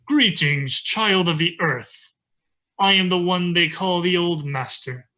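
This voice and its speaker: A game master voicing a gruff, wise old male dwarf master who speaks slowly and calmly. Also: mid-range voice.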